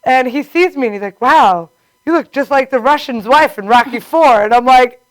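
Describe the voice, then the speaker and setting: A woman's voice: sits high, moderate pace, no room sound, poor audio. A woman in her late twenties co-hosting, telling stories in a chatty way with lots of "like". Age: late 20s. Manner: chatty, says "like" a lot. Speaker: co-host. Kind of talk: casual chat.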